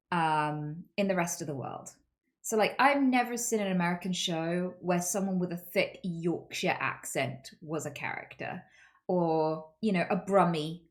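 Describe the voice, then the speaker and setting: A woman streaming, chatting casually with viewers in an animated, chatty way and swearing freely. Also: lowish voice. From United Kingdom.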